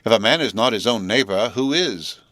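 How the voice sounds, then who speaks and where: A pompous, self-satisfied gentleman, voiced by a male reader, low-pitched and sententious. His dry remarks sound close and unechoing, as in a storybook reading. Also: expressive, a little fast, dry recording. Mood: smug. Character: smug, pompous gentleman cousin.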